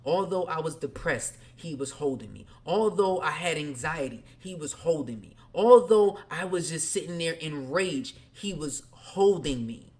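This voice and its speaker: A man hosting a podcast, telling a personal story candidly in casual slang, talking straight to his listeners and swinging between quiet and loud. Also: a little high, animated, measured pace, hardly any pauses. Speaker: podcast host.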